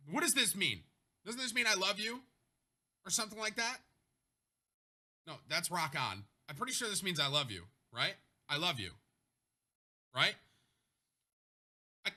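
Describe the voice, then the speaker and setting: A young male streamer telling a childhood story to his chat, loose and rambling, often cutting himself off to start over. His voice is sitting a little high and sounds very bright and forward. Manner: rambling, self-interrupting, animated. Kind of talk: casual storytelling to a live chat.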